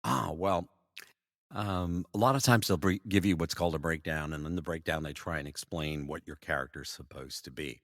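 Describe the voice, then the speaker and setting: Deep-voiced, animated middle-aged male storyteller. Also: normal speed, no room sound, studio quality, long reverb tail. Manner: animated anecdotes, frequent fillers and laughs. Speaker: voice actor guest. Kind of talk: casual storytelling interview.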